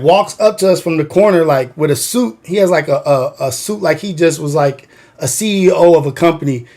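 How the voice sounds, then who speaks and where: A man with a somewhat high voice tells a story on his livestream. He rambles and swears freely, and a "like" turns up in almost every sentence. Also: darkish tone. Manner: rambling, profane, heavy use of "like". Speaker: livestream host.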